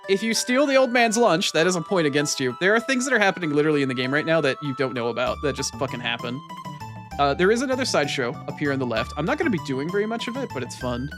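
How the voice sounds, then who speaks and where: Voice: mid-range voice, animated, quick pace. A gaming streamer chatting casually and rambling through a playthrough, swearing freely and joking about themself, with game music in the background. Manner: rambling, profane and self-deprecating. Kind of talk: casual let's-play commentary.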